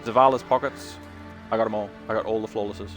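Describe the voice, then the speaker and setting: A man's voice: lowish voice, fairly even intonation, fast talker, music in the background. A man chatting casually on his game stream, sweary and talkative. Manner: chatty, sweary, talks about accents.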